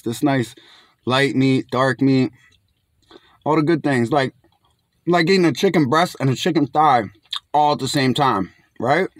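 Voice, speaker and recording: A man's voice: medium pitch, no echo. Laid-back guy chatting outdoors. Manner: laid-back, chatty, calls viewers "my friends". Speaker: food reviewer. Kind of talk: casual outdoor food review vlog. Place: outdoors in bright sun.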